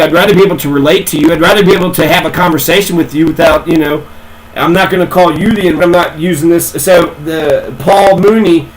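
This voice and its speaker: A man's voice: a little high, rough recording. A man ranting in a casual, rambling way, swearing a lot and repeating himself. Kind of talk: casual profane rant.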